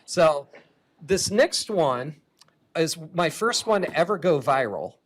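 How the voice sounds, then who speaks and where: A man's voice: a little high, slow pace. Chatty man giving a keynote talk. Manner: lively and chatty, laughs often. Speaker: keynote speaker and comic artist. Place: conference hall stage.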